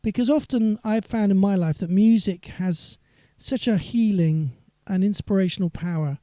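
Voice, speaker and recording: High-voiced man chatting between songs. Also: moderate pace, warm tone, dry recording, clean studio sound. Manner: chatty and rambling, reads viewer comments aloud. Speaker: singer-songwriter. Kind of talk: live stream chat between songs.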